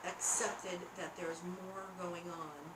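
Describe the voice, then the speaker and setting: A woman co-hosting a spiritual podcast, talking in a reflective, unhurried and encouraging way. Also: fairly low pitch, steady tone, very noisy. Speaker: podcast co-host. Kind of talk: casual spiritual chat. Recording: roomy, distant mic, faint ambience.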